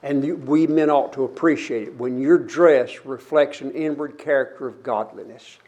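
A man's voice: mid-range voice, a little mellow. Earnest older man preaching a sermon. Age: 70s. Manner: earnest, halting, with frequent restarts. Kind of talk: sermon to a congregation.

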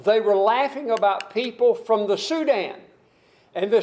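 A man's voice: high voice, measured pace, darkish tone, a little hiss or hum. An older man from the United States preaching a sermon, rambling, repeating and restarting phrases and drawing out key lines.

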